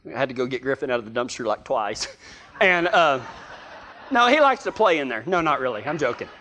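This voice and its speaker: A man's voice: mid-range voice, sing-song, a little fast, pushed and bright, a little hiss or hum. A middle-aged man, a preacher telling a folksy, self-mocking story to his listeners. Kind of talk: storytelling sermon.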